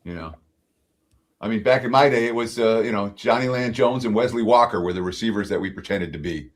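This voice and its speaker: A man's voice: on the low side, a little fast. A man hosting a live sports-betting show in casual chat, wry and talkative, often trailing off with fillers.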